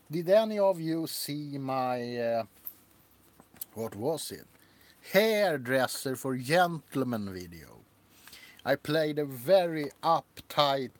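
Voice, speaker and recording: This ASMR creator talks casually on a livestream about shows and the ASMR characters he plays, his medium-pitched voice recorded dry. Slow and halting, he rambles along and laughs as he goes.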